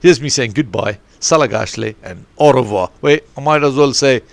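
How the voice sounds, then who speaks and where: A man's voice: medium pitch, normal speed, gravelly, dry recording. A middle-aged man, a football coach, hosting a rambling solo podcast from his bedroom with no proper studio, wandering off topic and swearing mildly as he talks. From Zambia. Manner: digressive, animated, mildly swearing. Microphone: home setup, no studio.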